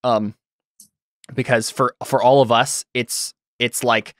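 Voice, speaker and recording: A man's voice: medium pitch, flat delivery, slow pace, a bit bright, dry recording, clean studio sound. A man running a tabletop game as game master, patiently explaining the rules with frequent ums and restarts.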